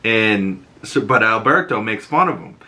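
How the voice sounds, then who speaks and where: A male podcast host giving a rambling, profane, excitable recap of a TV episode. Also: lowish voice, measured pace. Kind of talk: casual episode recap and reaction.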